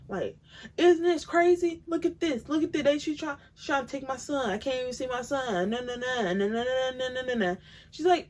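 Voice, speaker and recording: A woman's voice: mid-range voice, low-quality recording. A young woman hosting her own podcast, chatting casually and bluntly about celebrity gossip with plenty of swearing. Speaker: podcast host. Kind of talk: casual solo podcast chat.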